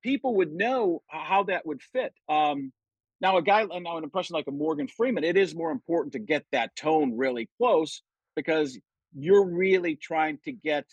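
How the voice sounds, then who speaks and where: A middle-aged man, a comedian guest on a podcast, chatting casually and telling stories with lively quoted voices. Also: on the high side, normal speed, slightly rough, no room sound, dull audio. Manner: animated storytelling, jumps into quoted voices. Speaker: guest impressionist.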